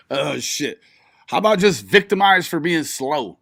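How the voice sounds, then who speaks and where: A streamer with a slightly high, creaky, husky voice that's a bit bright pokes fun at a live stream, cursing and laughing a lot. He's animated yet takes his time. The sound is dry and clean, studio quality.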